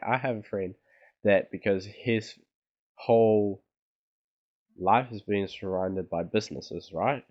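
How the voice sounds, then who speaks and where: A man's voice: low-pitched, a little mellow. A young man, hosting a casual solo podcast and rambling through his thoughts with many fillers and restarts. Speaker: podcast host. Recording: dull lo-fi recording.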